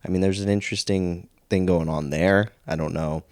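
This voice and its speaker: A man co-hosting a podcast in casual chat, measured and hedging as he talks things through. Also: low-pitched, steady tone, a little mellow, no echo, clean studio sound. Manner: measured, hedging with "I mean" and "I think". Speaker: podcast co-host.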